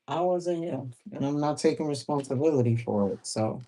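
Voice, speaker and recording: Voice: medium pitch, animated, normal speed, hardly any pauses, warm tone. A sewing livestream host chatting casually while working, laughing often and repeating phrases.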